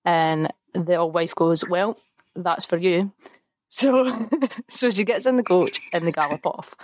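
A woman's voice: lowish voice, animated, unhurried, darkish tone, slight background noise. A young woman retelling a folktale in casual chat, laughing often and adding playful asides. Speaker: podcast co-host.

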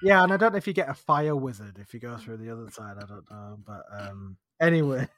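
A man's voice: medium pitch, animated, fairly quick, fairly bright tone, no echo, studio quality. A man with a Northern English accent, chatting casually about a trip, rambling and laughing easily. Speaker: podcast guest. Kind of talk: casual chat.

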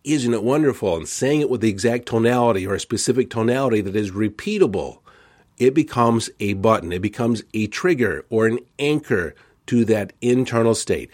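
A man's voice: on the low side, expressive, fairly quick, darkish tone. A man hosting a self-help podcast, talking earnestly and stressing repeated phrases with a set tonality. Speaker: podcast host.

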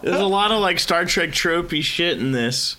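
A man's voice: sits high, animated, normal speed, bright, forceful tone. A man co-hosting a podcast in casual chat, his voice scratchy from being sick, talking in a laid-back way and swearing casually. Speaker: podcast co-host.

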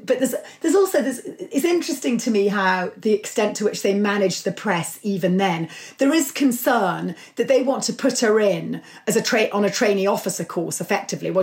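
A middle-aged woman talks as an interview guest, warm with enthusiasm and animated as she tells her stories. She speaks at an ordinary pitch. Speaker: author and guest. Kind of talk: conversational interview.

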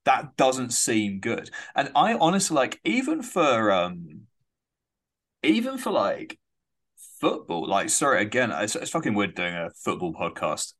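A man's voice: mid-range voice, wildly swooping pitch, a little slow, a bit bright. A man, co-hosting a casual sports podcast, chatty and swearing. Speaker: podcast co-host.

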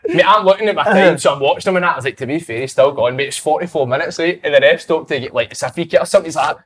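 A man's voice: a little high, rapid-fire. A young Scottish man, a football manager, telling stories in casual chat and laughing through them. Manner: animated storyteller, laughs through anecdotes.

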